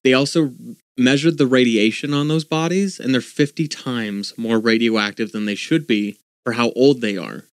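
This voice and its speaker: A man in casual podcast chat who mulls ideas out loud and reads passages from articles. His voice sits at an ordinary pitch for a man, and the recording is dry and close, with no room sound. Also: moderate pace, no echo. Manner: thinking aloud while reading articles, restarts and fillers. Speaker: podcast co-host.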